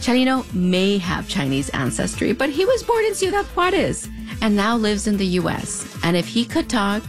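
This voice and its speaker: A woman's voice: medium pitch, huge pitch swings, normal speed, music in the background. A woman in her thirties with a US-Mexico border accent, telling a scripted story in a wry, conversational way with playful asides. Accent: US-Mexico border (fronterizo). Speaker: host. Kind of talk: scripted narration.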